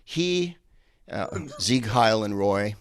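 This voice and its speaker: Low-voiced man rambling through stand-up. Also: lively intonation, takes it slowly, a little hiss or hum. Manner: rambling, hesitant delivery with many fillers. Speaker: comedian. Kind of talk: stand-up comedy set.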